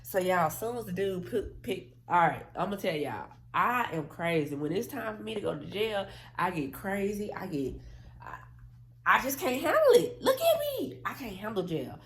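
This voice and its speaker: A woman vlogger casually telling a story straight to her viewers, slangy and animated. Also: mid-range voice, moderate pace, slight background noise.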